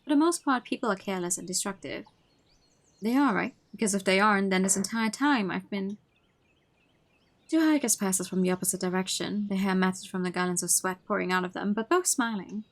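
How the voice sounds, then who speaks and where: A woman streamer reading a visual novel aloud, with expressive narration and playful asides. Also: mid-range voice, brisk.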